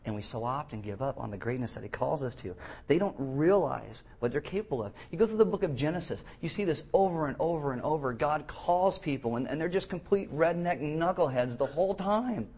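A man preaching a sermon, animated, reading scripture aloud with emphasis and acting out the quotes. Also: fairly high pitch, a little fast, slightly rough.

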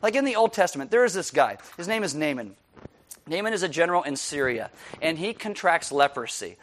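Preaching a lively sermon at a fairly quick pace, a male pastor speaks in a high, bright voice and laughs often. He keeps asking listeners "right?" and swings between loud punches and quiet asides.

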